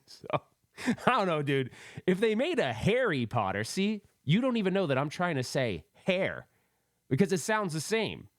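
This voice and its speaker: A man's voice: on the high side, no echo, clean studio sound. A man in his forties from the East Coast with a faint accent, hosting a casual solo podcast and rambling with self-amused laughs. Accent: faint East Coast American. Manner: rambling, laughs at himself, loose fillers. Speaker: podcast host.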